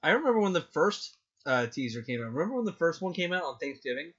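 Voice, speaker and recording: A man co-hosting a podcast in casual chat, excitable and gushing, acting out his own reactions. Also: a little high, fast, slightly rough, dull audio. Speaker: podcast co-host.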